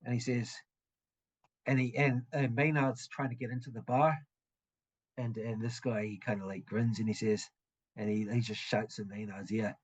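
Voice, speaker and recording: Male game master, husky, stop-start narration of a tavern scene. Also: medium pitch, fairly even intonation, lo-fi sound. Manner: halting, full of ums and restarts.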